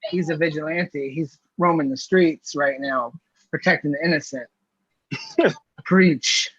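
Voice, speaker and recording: A man's voice: on the high side, measured pace, a bit bright, slightly rough, dry recording, highs cut off. A man hosting a livestreamed comedy show, introducing comics in a loose, joking way. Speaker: show host.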